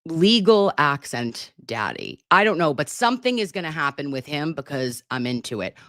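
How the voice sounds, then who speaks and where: Animated, profane woman livestream host. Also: sits low, normal speed, dry recording. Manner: animated, profane and playful, chatting to viewers. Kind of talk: casual livestream commentary. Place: home.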